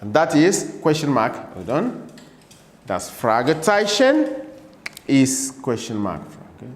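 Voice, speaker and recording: A man teaching a German lesson in English, patiently repeating each word slowly for learners in a room with a board. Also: medium pitch, sing-song, a little mellow. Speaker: language teacher. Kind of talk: slow classroom-style German lesson explained in English. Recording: echoey room with long reverb.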